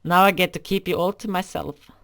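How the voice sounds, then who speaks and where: A man's voice: sits high, steady tone, a little fast, fairly bright tone, no room sound, studio quality. A man voicing a flirty, bold female creeper mob from a fan story, speaking in a teasing, forward way.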